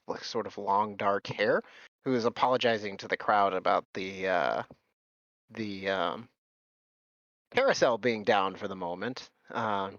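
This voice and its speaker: Halting man running a tabletop game. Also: on the low side, a bit bright, dry recording, dull audio. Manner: halting, full of fillers. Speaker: game master.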